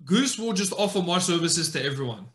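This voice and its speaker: Man, podcast co-host, animated storytelling, roomy echo. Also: a little high, a little fast. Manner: animated, acts out friends' lines in raised voice. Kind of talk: casual storytelling chat.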